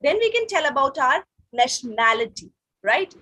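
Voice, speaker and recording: A woman's voice: sits high, sing-song, normal speed, pushed and bright. A woman with an Indian English accent teaching French to children in an online video class, patiently repeating phrases for pupils to echo. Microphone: video call.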